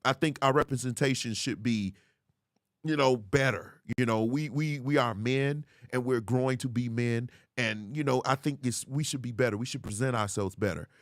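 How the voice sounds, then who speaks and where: A man hosting a commentary show on viral clips, animated and mocking, laughing often and jumping into high squeals to ridicule. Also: normal speed, no echo, studio quality. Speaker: host.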